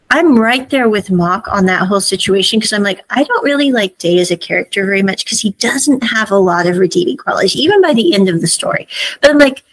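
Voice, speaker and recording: A woman's voice: mid-range voice, no room sound, rough recording. A woman hosting a casual review show, retelling scenes of a drama in quoted dialogue with many asides. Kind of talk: casual recap and commentary.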